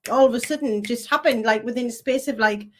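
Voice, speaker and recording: A woman's voice: on the high side, a little fast, a little hiss or hum. A woman with a northeast English accent co-hosting a casual live chat in a reflective, coaching way. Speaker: co-host.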